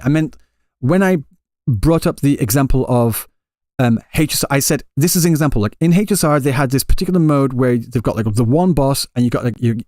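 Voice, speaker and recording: Male streamer, casual chat with viewers, rambling delivery, mid pitch, dry close mic. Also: a little mellow, dry recording. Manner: rambling, many restarts, conversational. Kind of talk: casual chat answering live chat. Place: Japan, Kansai area.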